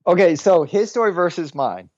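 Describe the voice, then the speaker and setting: Animated man on a dull dry mic. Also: sits high, normal speed, no room sound. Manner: animated, profane storyteller who mimics people. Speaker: podcast host. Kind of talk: casual podcast chat.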